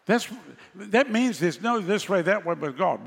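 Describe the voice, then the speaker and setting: A man's voice: a little high, normal speed, a bit bright, long reverb tail. A male pastor preaching a sermon in a conversational way, with sarcastic asides.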